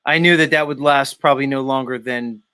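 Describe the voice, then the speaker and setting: A man hosting a casual live chat, teasing the others in a sardonic way. His voice is bright and sharp, recorded dry and close. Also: medium pitch, fairly even intonation, brisk, clear, resonant tone, no room sound.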